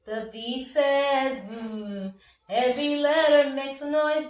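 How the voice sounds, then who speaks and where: A woman teaching phonics to young children, slow and encouraging, sounding out letters with exaggerated care. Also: high voice. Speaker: early-learning teacher. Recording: roomy, from a distance.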